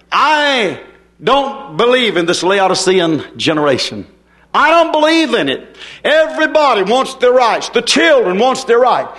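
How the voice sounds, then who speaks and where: A man preaching a fiery sermon, folksy and emphatic, swinging between soft asides and forceful declarations. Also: very high voice.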